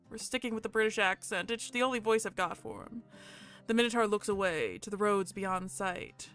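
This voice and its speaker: A woman hosts a let's play and reads a visual novel's narration in a soft, measured way. Her voice sits at a middling pitch, with faint music underneath. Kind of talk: reading game narration aloud.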